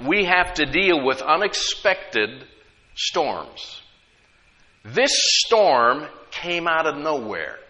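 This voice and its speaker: Guy preaching, bright forceful voice, kinda high, big echo from the hall. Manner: emphatic, conversational preaching with rhetorical questions. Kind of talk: sermon. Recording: long hall reverb.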